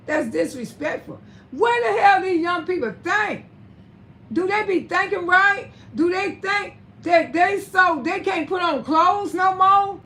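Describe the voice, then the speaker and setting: A woman's voice: extremely high pitch, pushed and bright. An older woman hosting a live stream, giving blunt, scolding commentary and swearing freely. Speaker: livestream host.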